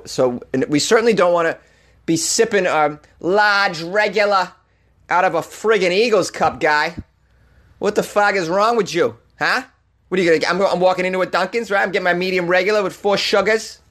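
A man puts on a brash Boston sports fan, loud and quick to anger. He rants and swears in a high, lively voice with a thick Boston accent, breaking into laughter at his own jokes. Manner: ranting, swearing, laughing at himself. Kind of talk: comedy character rant.

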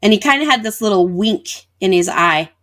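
A woman speaks as an interview guest, telling a personal story in vivid detail. She slips into the voices of the people involved as she recounts what they said. Her voice sits at an ordinary middle pitch for a woman. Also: animated, normal speed, fairly bright tone, slight background noise. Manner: vivid retelling with acted-out dialogue.

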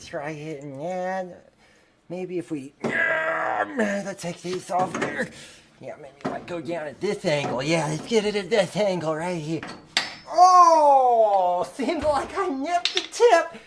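A woman narrating a how-to video in a rambling, folksy way with drawn-out asides. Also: medium pitch, big pitch swings, vocal fry. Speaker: presenter of a watched how-to video. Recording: noisy video playback.

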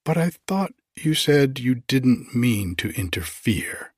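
A man's voice: medium pitch, big pitch swings, takes it slowly, no echo, clean studio sound, voice pushed up. A man reading aloud, voicing an eager, sensitive young woman in a story with a breathless, pleading manner.

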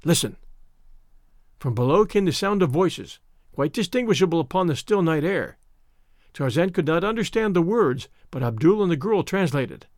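A man narrating an adventure novel in a steady, expressive storytelling manner. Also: on the high side, moderate pace, no room sound, clean studio sound. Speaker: audiobook narrator. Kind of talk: scripted narration.

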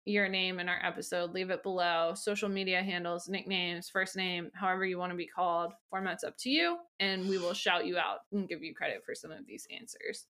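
A woman's voice: lowish voice, a little fast, few pauses, bright, forceful tone. A young woman co-hosting a podcast, chatting casually and gushing with frequent laughter as she reads listener answers. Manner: giggly, gushing, laughs often. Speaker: podcast co-host.

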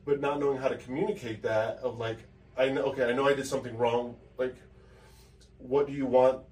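A young man talks in a slow, halting way, often restarting as he reflects. His voice sits at an ordinary pitch. He sounds a little off the mic, in an echoey room. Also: flat delivery, a little mellow. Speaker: podcast co-host. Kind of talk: casual personal chat. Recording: roomy echo, from far off the mic.

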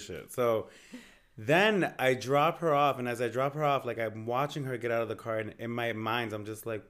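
A man in his thirties co-hosts a podcast, telling stories in a casual, jokey, profane style. His voice is fairly low with a clean tone, and his storytelling is animated.

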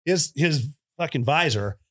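A man with a somewhat high voice tells war stories bluntly and casually, with plenty of swearing. He brings the people in his stories to life by acting out their voices. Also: expressive, measured pace, fairly bright tone. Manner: blunt, profane, vivid; acts out voices in anecdotes. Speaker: military veteran guest.

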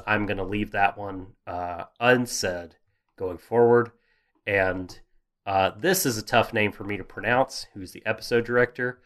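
A man's voice: fairly low pitch, fairly bright tone. A man co-hosting a casual podcast chat, rambling and self-deprecating with many fillers. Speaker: podcast co-host. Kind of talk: casual anime discussion chat.

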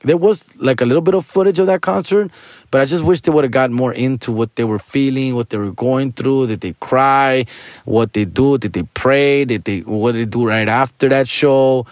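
A man's voice: medium pitch, moderate pace, dry recording, studio quality. A male stand-up comedian telling a personal story to listeners in a casual, candid way, full of street slang. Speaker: stand-up comedian, podcast host.

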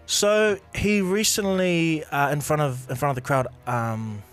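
A man co-hosting a casual podcast, chatty and quick to laugh, with filler words. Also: a little high, fairly even intonation, fairly bright tone, smooth, faint music behind. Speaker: podcast co-host.

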